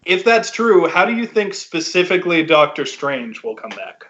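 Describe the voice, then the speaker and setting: A man with a rather high voice steers a casual podcast, asking questions and laughing easily. The audio is muffled and lo-fi. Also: big pitch swings, normal speed, sharp tone. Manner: leads the talk, asks questions, laughs easily. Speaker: podcast host. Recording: dull lo-fi online call.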